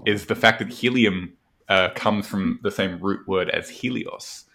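A man's voice: low-pitched, a little slow, creaky, a bit bright. A man co-hosting a podcast in casual chat, explaining things in a thoughtful way with hesitant fillers. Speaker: podcast co-host.

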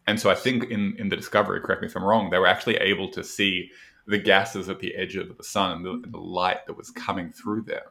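A man's voice: low-pitched, level tone, fast, creaky, pushed and bright. A man co-hosting a podcast in casual chat, explaining things in a thoughtful way with hesitant fillers. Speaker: podcast co-host.

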